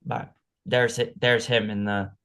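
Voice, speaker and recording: A man's voice: mid-range voice, little pitch movement, unhurried, fairly bright tone, clear, resonant tone. A young man co-hosting a show, improvising a comedic story in loose, rambling narration full of "like"s and laughs. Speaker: co-host.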